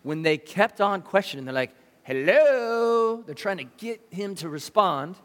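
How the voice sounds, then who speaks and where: High-voiced preacher in an echoing hall. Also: male voice, moderate pace. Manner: conversational, animated, asks the audience questions. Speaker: pastor. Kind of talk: sermon. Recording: long reverb of a large hall.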